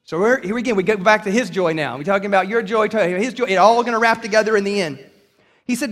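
Pastor, man, high-pitched, animated preacher with call-and-response, reverberant sanctuary. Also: fast. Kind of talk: sermon. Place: church sanctuary.

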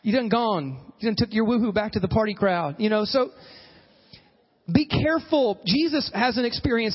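A man preaching a sermon as pastor, animated, acting out quoted voices and calling for amens. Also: very high voice, normal speed, husky, long reverb tail, muffled recording.

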